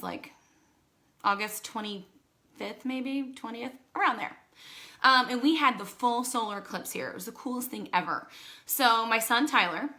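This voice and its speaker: A woman in her thirties telling her own story into her phone, chatty and animated, acting out quoted dialogue and fighting back tears. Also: a little high. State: emotional, holding back tears. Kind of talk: casual personal storytelling to a phone camera.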